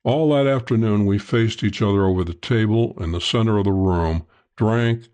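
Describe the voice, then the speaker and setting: A male audiobook narrator giving a dry, measured first-person telling of a hardboiled crime story. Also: fairly low pitch, a little mellow.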